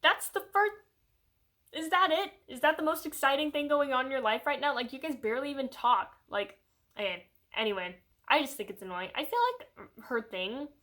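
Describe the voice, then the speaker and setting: A young woman giving a casual, rambling movie review in her own channel's video, animated and full of fillers, slipping into voices when she quotes characters. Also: high-pitched, normal speed. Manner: rambling, animated, heavy use of "like".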